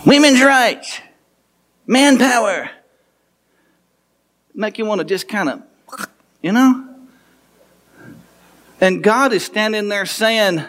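Animated, high-pitched male preacher. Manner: animated, laughing preacher with quick asides. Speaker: pastor. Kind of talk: sermon.

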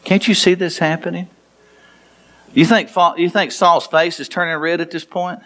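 Pastor, male, high voice; playful sermon delivery, acts out the dialogue. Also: steady tone, normal speed, fairly bright tone. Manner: storytelling, playful, acts out dialogue with rising pitch.

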